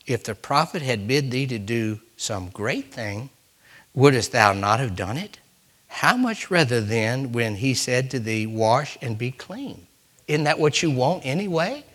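A man with a mid-range voice preaches a sermon, moving from loud, urgent passages down to soft, nearly whispered asides as he reads scripture and retells it.

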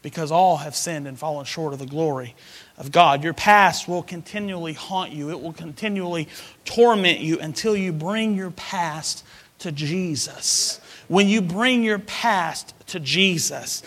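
A man delivers a sermon in a high voice, stacking phrase upon phrase as he builds emphasis. His tone is bright and ringing, and he calls the congregation to repeat after him. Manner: preaching with rising emphatic repetition. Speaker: pastor.

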